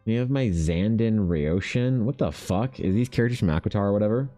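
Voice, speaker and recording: With soft music behind him and no echo, an art streamer talks as he draws, rambling, swearing, and poking fun at himself. His fairly low, dark voice is animated and brisk.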